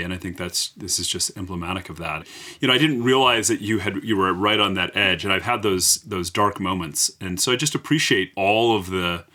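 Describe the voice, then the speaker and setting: A deep-voiced man hosting an interview, with a bright, forward tone. He speaks earnestly and reflectively, with frequent fillers. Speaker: interview host. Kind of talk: conversational interview.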